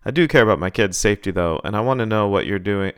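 A man's voice: lowish voice, quick pace, fairly bright tone, clean tone, no echo, clean studio sound. A man reading as a blunt, brusque big dad.

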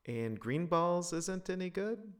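A man voicing a gentle, patient mother who keeps fighting back giggles. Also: high voice, very animated, slow pace, pitched above the performer's own voice, heavily acted. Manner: gentle, stifling laughter.

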